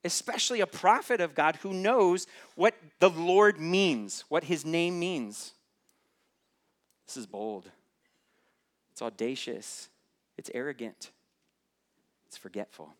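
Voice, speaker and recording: A man's voice: on the high side, lively intonation, slow pace, pauses often. A male preacher giving a sermon in a conversational way, often putting questions straight to the listeners.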